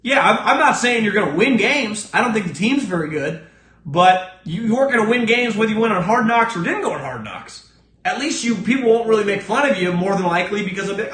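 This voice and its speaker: A man's voice: lively intonation, quick pace, fairly bright tone, echoey room. A man hosting a sports podcast alone, giving blunt, profane, emphatic opinions. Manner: acts out other people's lines in a lower voice. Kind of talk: solo opinion rant.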